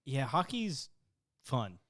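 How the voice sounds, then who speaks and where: Animated young man ranting. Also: mid-range voice, slow. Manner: ranting, emphatic, swears freely. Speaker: podcast co-host. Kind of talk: casual chat.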